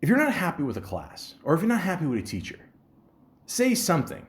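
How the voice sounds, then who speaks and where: A man's voice: fairly high pitch, huge pitch swings, quick pace. A man hosting a podcast, telling a story in a rambling, profane way, full of fillers. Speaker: podcast host.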